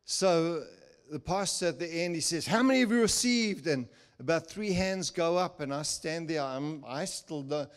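A man's voice: on the high side, unhurried, clean tone. An older man preaching in a church, telling a personal story with laughter and acted-out quotes. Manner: animated, laughing storyteller who acts out quotes. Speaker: guest speaker.

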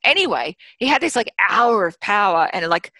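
A woman's voice: mid-range voice, normal speed, no room sound. An Australian woman in her thirties, telling stories frankly in a casual conversation, swearing freely and acting out her own thoughts. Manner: frank, swears freely, lively storytelling with quoted inner voices. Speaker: guest author and business mentor.

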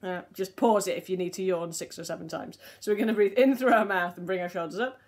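A woman, a voice teacher gently leading a relaxation and vocal warm-up lesson in a soothing, unhurried way. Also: lowish voice. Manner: gentle, soothing, slow guiding instructions.

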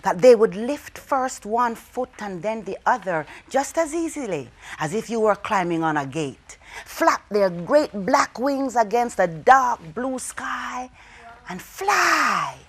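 A woman telling a folk tale to children, dramatic, with call-and-response and hushed whispers. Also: medium pitch, animated, unhurried, few pauses. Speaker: storyteller. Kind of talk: storytelling for children.

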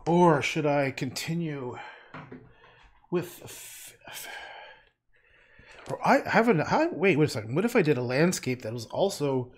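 A man's voice: on the high side, very animated, measured pace, pauses often, a little hiss or hum. A man painting on a livestream, rambling and muttering to himself, tossing in playful nonsense words and casual swearing. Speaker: painter streaming live.

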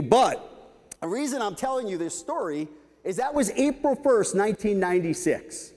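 A man in his fifties giving a conference talk, telling lively anecdotes with frequent "right?" asides. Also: high voice, moderate pace. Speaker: keynote speaker. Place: large conference hall stage. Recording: reverberant conference hall.

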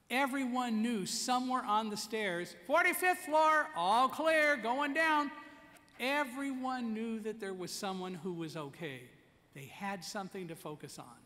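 Male keynote storyteller, high and bright, direct and commanding, reverberant hall. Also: normal speed. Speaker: keynote speaker. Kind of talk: storytelling speech to an audience. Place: conference hall. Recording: echoey conference hall.

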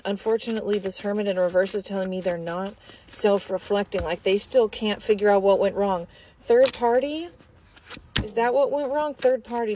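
A woman's voice: mid-range voice, noisy background. A young woman giving a casual tarot reading, talking bluntly and chattily with lots of filler words and the odd swear. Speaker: tarot reader.

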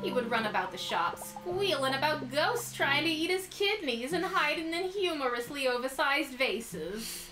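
A woman's voice: high voice, sing-song, normal speed, hardly any pauses, pitched above the performer's own voice. A woman doing a brassy old New York granny. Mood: sassy. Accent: put-on New York. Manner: brassy, folksy, calls people pet names. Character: brassy old grandma antique-shop owner. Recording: echoey room with music behind.

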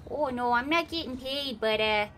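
A woman playing a tow truck driver in an improvised game role-play, speaking casually with halting restarts. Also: sits high, fairly bright tone, a little hiss or hum.

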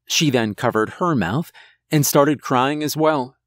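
Male horror narrator, slow unhurried delivery, close dry sound, soft music behind. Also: medium pitch, no room sound. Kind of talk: first-person horror story narration. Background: faint music.

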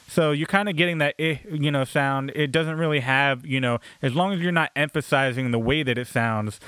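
A man's voice: mid-range voice, a bit bright, clean tone, no echo. A man giving a recorded lecture on rhyming, explaining casually with many fillers and restarts. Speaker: music instructor.

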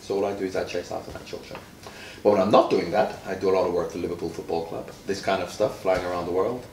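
A Jamaican man in his fifties with a very deep voice, a retired footballer and interviewee, talks playfully with a child and quizzes her, drawing out words to make a point in a friendly teaching chat. His intonation is fairly even and his tone a little mellow. He sounds far from the mic in an echoey room, with faint noise in the background.

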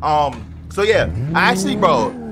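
A man's voice: fairly high pitch, expressive, normal speed, noisy background. A young man hosting a casual gaming vlog at his home racing simulator, talking in a hyped, joking, profane way. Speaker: sim racing YouTuber. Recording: music and game car sounds behind.

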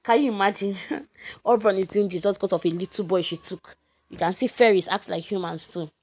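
A woman's voice: medium pitch, a little fast, slightly rough. A young woman with a Nigerian accent giving a chatty, informal lesson summary, talking straight to her listeners. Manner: chatty, animated, addresses listeners directly. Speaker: literature teacher.

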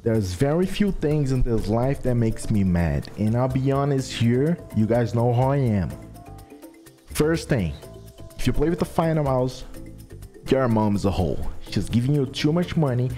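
A man's voice: medium pitch, expressive, unhurried, mellow, soft background music. A man commentating his own gameplay with brash, crude trash talk and exasperated rants. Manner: exasperated, ranting.

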